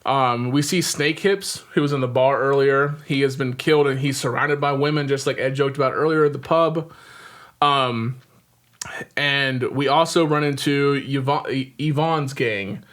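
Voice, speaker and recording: A man's voice: mid-range voice, fairly even intonation, normal speed, fairly bright tone. Guy hosting a movie podcast, rambly recap, lots of ums and little laughs, regular mid voice. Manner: rambling retelling with frequent ums and chuckles. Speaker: podcast host. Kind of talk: casual film-recap chat.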